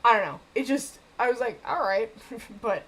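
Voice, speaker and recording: A woman's voice: fairly high pitch, lively intonation, normal speed, fairly bright tone. A woman streamer chatting casually while she plays a game, rambling with lots of fillers and swearing.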